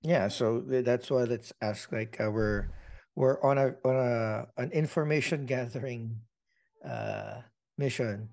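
A man at a tabletop game thinking aloud in halting sentences. His voice is gravelly and sounds dry and close, at a middling pitch. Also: sing-song, darkish tone, no echo. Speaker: player. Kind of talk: casual chat.

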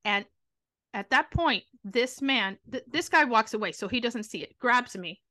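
A middle-aged woman with a bright, forceful voice, pitched a little high, tells a story on a casual podcast. She is animated and acts out the other people's lines, and her voice sits dry and close to the mic. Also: measured pace, no room sound. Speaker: podcast co-host. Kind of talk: casual chat.

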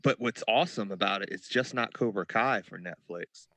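A man co-hosts a casual podcast with short, dry remarks. His voice sits fairly low but sounds bright and forward, recorded close and dry. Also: normal speed, dry recording. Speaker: podcast co-host.

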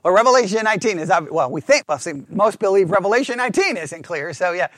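A man teaching a Bible class, thinking out loud and checking in with listeners often for agreement. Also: high-pitched, lively intonation, quick pace, no room sound, clean studio sound. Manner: talks through ideas out loud with restarts.

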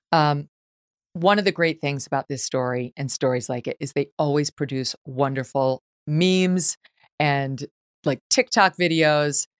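A woman hosts a talk podcast, talking with sarcastic, animated energy and frequent laughter. Her voice sits low, and the recording is dry and close. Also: no room sound. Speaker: podcast host. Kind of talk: casual talk-show commentary.

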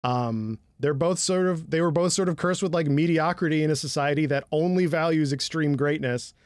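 A young man co-hosting a casual anime podcast, animated and laughing, often slipping into loud impressions of characters. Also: fairly high pitch, moderate pace, no room sound, clean studio sound. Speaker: podcast co-host.

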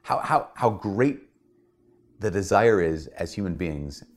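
A man, a priest, giving a casual teaching talk in a conversational, animated way. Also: low voice, slow pace. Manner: conversational, animated, acts out quoted voices. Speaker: Catholic priest.

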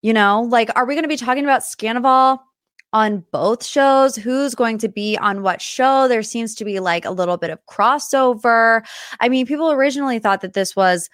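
A woman's voice: a little high, normal speed, clear, resonant tone, no room sound, clean studio sound. A young adult woman hosting a solo pop-culture podcast in casual chat, talkative and prone to tangents. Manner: chatty, tangent-prone, animated asides. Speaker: podcast host.

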